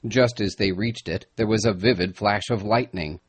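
A man narrating a storybook chapter in a measured storytelling voice. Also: on the low side, slightly rough. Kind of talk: audiobook narration.

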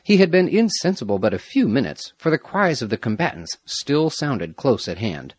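A man narrating an adventure story in a measured, dramatic reading. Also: medium pitch, very animated, husky, no room sound, studio quality. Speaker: audiobook narrator. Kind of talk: scripted narration.

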